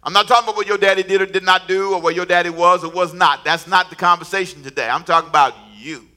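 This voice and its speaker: A middle-aged male preacher with a high-pitched, sharply bright voice. He tells stories with humor, chuckles at his own jokes, and leads the congregation in call-and-response. At the big moments he shouts out emphatic declarations. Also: fairly even intonation, fast talker. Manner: call-and-response, urging the congregation to repeat lines. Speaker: pastor. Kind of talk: sermon.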